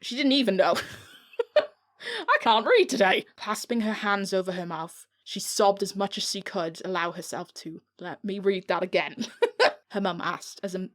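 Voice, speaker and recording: A woman's voice: medium pitch, lively intonation, unhurried. Giggly British woman reading bloopers. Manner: giggly, breaks into laughter, swears at her own slips. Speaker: author narrating her own audiobook. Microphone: home recording mic.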